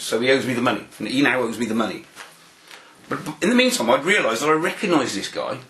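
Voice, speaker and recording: A man, interviewed and telling anecdotes in an animated way, often repeating words as he starts a phrase. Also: medium pitch, echoey room. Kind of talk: anecdotal storytelling.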